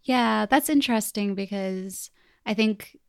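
A woman's voice: medium pitch, a little slow, creaky, smooth, dry recording, clean studio sound. A woman from Canada hosting a casual podcast chat, curious and chatty. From Vancouver, Canada.

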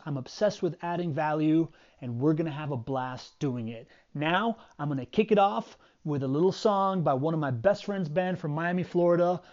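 A man giving an upbeat, energetic intro to his podcast. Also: fairly high pitch, dull audio. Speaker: podcast host.

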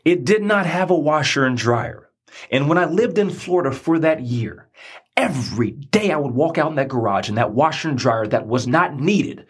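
A man's voice: a little high, expressive, normal speed, husky. A man hosting a podcast, telling a personal story in an earnest, preacher-like way and repeating phrases for emphasis. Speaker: podcast host.

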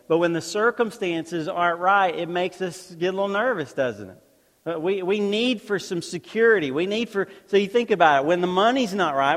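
High-voiced pastor preaching in a reverberant hall. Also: male voice. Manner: conversational preaching with rhetorical questions to the congregation. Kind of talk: sermon.

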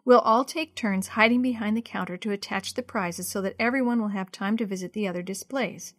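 Storybook part: kindly teacher explaining to kids, clear and instructive, voiced by a woman. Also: mid-range voice, brisk, no echo, studio quality, close to an everyday voice. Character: friendly woman teacher at a church class.

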